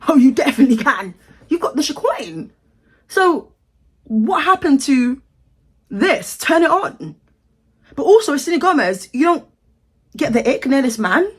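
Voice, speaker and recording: Her voice sits high and sounds very animated; she speaks at normal speed and pauses often. She's a young British commentary vlogger from the United Kingdom, casually offering sassy, outraged takes on celebrities with over-the-top reactions.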